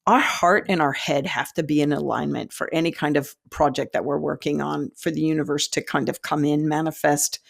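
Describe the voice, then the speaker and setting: A woman's voice: sits low, steady tone, brisk, creaky, few pauses. A middle-aged woman giving an earnest, encouraging spiritual teaching talk to the camera, often breaking into light laughter.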